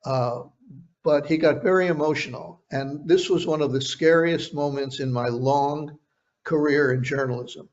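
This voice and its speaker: A man's voice: on the high side, fairly even intonation, measured pace. An older man, a veteran journalist, recounting a story in a casual interview, often restarting his phrases. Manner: conversational, repeats words when restarting. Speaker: retired journalist guest. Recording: dull lo-fi sound.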